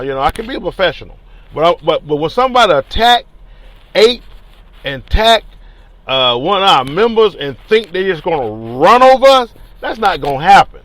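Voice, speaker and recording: A man, a teachers union leader telling a story in an animated, colloquial and emphatic way. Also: high voice, dry recording. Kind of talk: casual spoken storytelling.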